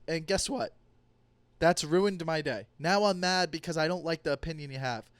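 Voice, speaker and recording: A man's voice: a little high, no room sound. A young man hosting a comedy podcast alone, ranting in a heated, profane, rambling way. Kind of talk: solo comedy podcast rant.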